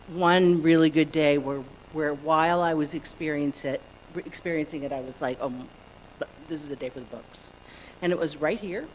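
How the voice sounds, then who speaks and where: A woman's voice: fairly low pitch, slight background noise, poor audio. A woman speaking frankly and chattily at a church service, with mild swearing, sharing a casual personal reflection. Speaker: congregation member sharing a reflection.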